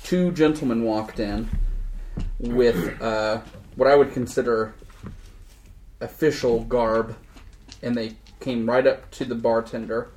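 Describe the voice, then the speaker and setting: A young man casually recapping a tabletop game, animated, jokey and slangy. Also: medium pitch, slow pace, long pauses, slight background noise. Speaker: podcast host recapping a game session.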